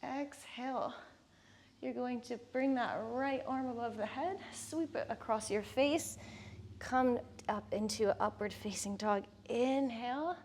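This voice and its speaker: Unhurried woman guiding a yoga class. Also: a little high, slight background noise. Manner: calm, unhurried cueing of breath and poses. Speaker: yoga instructor. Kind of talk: guided yoga class instruction.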